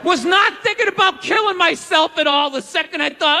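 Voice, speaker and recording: A man's voice: very high-pitched, normal speed, pushed and bright, a little hiss or hum. A man in his forties doing stand-up comedy, ranting with profane, incredulous exasperation. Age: 40s. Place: large theater stage. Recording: live theater with crowd and long reverb. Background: audience laughter.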